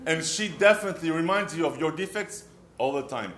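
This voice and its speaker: Brief: male rabbi, lively storytelling sermon, slightly high voice, roomy echo. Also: a little fast. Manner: animated storytelling, addresses listener directly. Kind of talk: short humorous sermon. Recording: echoey room.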